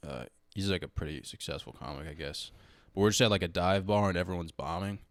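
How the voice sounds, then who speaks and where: Young man, very low voice, laid-back comic, dry sound. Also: fast, no echo. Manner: laid-back, mumbly, says "dude" often. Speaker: stand-up comedian guest. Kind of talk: casual comedy podcast chat.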